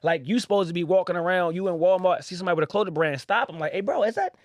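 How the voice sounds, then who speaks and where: A man's voice: sits high, fairly even intonation, very fast, dry recording, clean studio sound. A man, a boutique owner, telling stories casually on a podcast and acting out the voices of other people. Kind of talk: casual storytelling.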